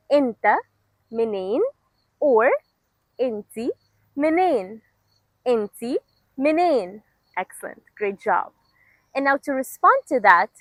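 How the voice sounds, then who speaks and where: A young adult woman from Egypt teaching a beginner language lesson outdoors. She leads repetition drills slowly and clearly and praises the learners often. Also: sits high, no echo, rough recording. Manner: slow, clear, encouraging drill delivery. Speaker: Arabic teacher.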